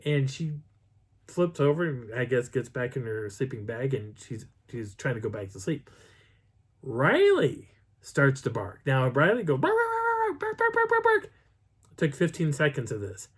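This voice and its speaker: A man's voice: medium pitch, measured pace, husky. A man casually telling a personal story and acting out the sounds and voices as he goes. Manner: animated, acts out sounds and voices. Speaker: channel host.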